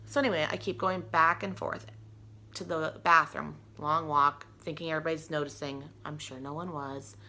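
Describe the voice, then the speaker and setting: Chatty young woman, low and gravelly. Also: fairly even intonation, normal speed, bright, forceful tone. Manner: chatty, lots of "like" and restarts. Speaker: vlogger. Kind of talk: personal storytelling to camera.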